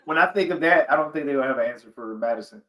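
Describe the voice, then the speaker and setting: A man co-hosting a casual live stream, laid back and making quick picks. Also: medium pitch, fairly bright tone. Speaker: co-host.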